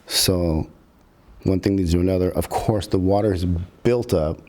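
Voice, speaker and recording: Middle-aged man, lowish voice; animated, profane raconteur who acts out quotes. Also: unhurried. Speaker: podcast guest, filmmaker. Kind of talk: casual storytelling.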